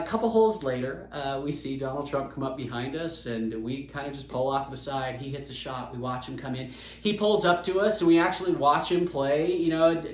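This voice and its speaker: Chatty young man telling a story. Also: mid-range voice. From Utah. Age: young adult. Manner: animated, chatty, acts out quotes. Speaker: podcast host. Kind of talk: casual storytelling. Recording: roomy echo.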